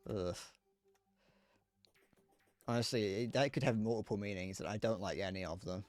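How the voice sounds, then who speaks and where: A man streaming a game, rambling and joking as he thinks out loud, often restarting his sentences. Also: fairly low pitch, animated, normal speed, long pauses, dry recording. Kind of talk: casual gameplay commentary.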